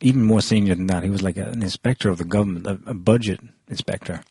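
A man's voice: low-pitched, fast talker, mellow, a little hiss or hum. A man hosting a casual panel discussion, chatty with frequent ums and restarts. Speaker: podcast host.

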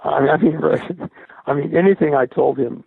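An older man, a former military radio linguist, recalling his service in a halting interview style, often repeating and restarting words. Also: on the high side, gravelly, breathy edge, dry recording. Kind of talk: recollecting in an interview. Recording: dry, tinny phone-like sound.

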